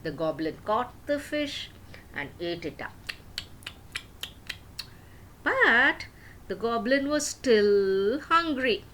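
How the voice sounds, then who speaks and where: An older woman telling a tale to children in a slow, unhurried way, her pitch rising and falling with lively swings. Her voice is bright and clear, and she keeps turning to her listeners with questions. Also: a little hiss or hum, low-quality recording. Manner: asks the young listeners questions. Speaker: storyteller. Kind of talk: storytelling for children.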